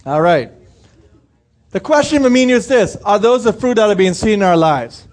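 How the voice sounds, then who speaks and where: A young man preaching a sermon in a high, light voice. He keeps it chatty and informal, asking the congregation direct questions. He breaks into brief impressions of the people he describes. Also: animated, moderate pace. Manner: conversational preaching, asks the congregation questions, acts out quoted voices. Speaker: pastor.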